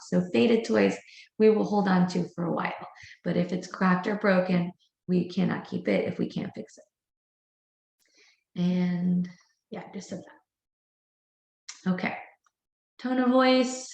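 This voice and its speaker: A woman's voice: medium pitch, roomy sound. A woman, a preschool director, giving firm instructions to her staff at a meeting, repeating her key points.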